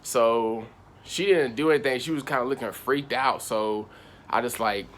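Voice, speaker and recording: A man's voice: mid-range voice, moderate pace, a bit bright. A young man casually telling a personal story in slangy, rambling speech. He circles back on himself and keeps repeating "I was like.". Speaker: channel host.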